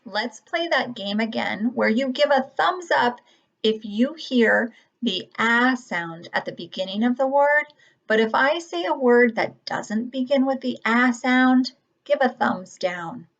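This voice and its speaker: Kindergarten teacher, woman, slow and clear, slightly high voice, dull lo-fi recording. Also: expressive. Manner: gentle, patient, drawn-out word modeling. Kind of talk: slow, clear phonics lesson for young children. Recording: dull lo-fi audio.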